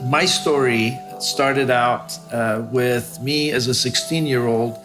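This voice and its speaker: A man from Iran tells his personal story, reflective and halting, pausing on fillers. His voice sits at an ordinary pitch, with faint music playing underneath. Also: steady tone. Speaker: guest sharing his story. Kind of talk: testimonial interview.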